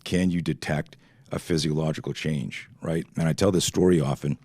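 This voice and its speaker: Middle-aged man from Canada, podcast guest, storyteller, acts out voices, swears freely, dry close sound, very deep. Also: moderate pace, no echo. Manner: animated, swears, acts out quoted dialogue. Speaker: guest, self-defense instructor.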